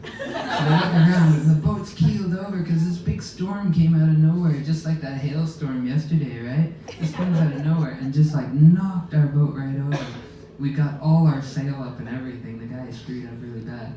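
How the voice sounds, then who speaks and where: A man casually telling an animated sailing story to a live audience aboard a ship, laughing as he goes. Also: on the high side, normal speed. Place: lounge aboard a ship, indoors. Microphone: phone camera in the audience. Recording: very echoey room, distant mic, faint background noise.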